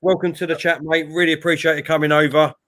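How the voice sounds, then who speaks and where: A man with an East London accent hosts a football watchalong and reads viewers' chat messages aloud. He talks in a friendly, easy way, and his voice sits a little high for a man. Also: level tone, fast talker, fairly bright tone, a little hiss or hum. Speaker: stream host.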